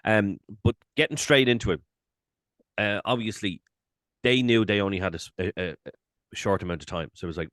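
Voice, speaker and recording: A man co-hosting a casual podcast chat, animated, swearing and acting out his own reactions. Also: low-pitched, fairly quick, no room sound, studio quality. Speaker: podcast co-host.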